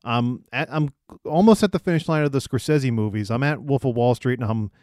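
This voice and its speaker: Casting: man with a smooth, resonant voice, halting casual talk, close dry mic. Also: medium pitch, no echo. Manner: hesitant, many fillers, laughs softly. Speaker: podcast co-host. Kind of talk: casual chat.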